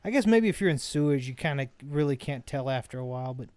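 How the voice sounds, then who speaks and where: Quick and animated, a let's play host speaks at medium pitch with a darkish, clean tone and no room sound. The adult parent casually comments on his own gameplay, rambling in a chatty way and frequently self-correcting mid-sentence.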